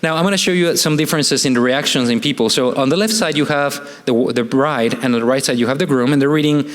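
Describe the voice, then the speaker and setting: A man's voice: mid-range voice, fast. A man giving a conversational presentation to a church audience, often asking rhetorical questions and ending points with "right?". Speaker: church family seminar speaker. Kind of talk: presentation talk with slides. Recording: long hall reverb.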